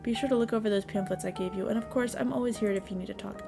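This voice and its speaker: A woman voicing a welcoming small-town male pastor who speaks in a gently preachy way. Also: mid-range voice, racing, creaky, over music, natural voice. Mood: genial.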